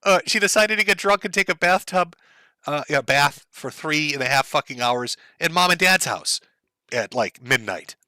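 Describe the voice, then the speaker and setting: A man delivers sardonic, profane commentary over clips he plays for his viewers. His voice is bright and highly animated, sitting a little high, in a dry, close recording. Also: normal speed, no echo. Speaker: streamer reacting to clips.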